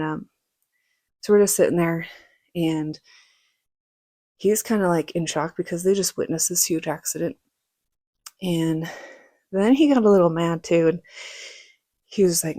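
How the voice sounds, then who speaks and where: A woman vlogger telling a personal story casually, acting out quoted lines in a higher, louder voice. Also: steady tone, moderate pace, pauses often, dry recording, studio quality. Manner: casual, many fillers like "like".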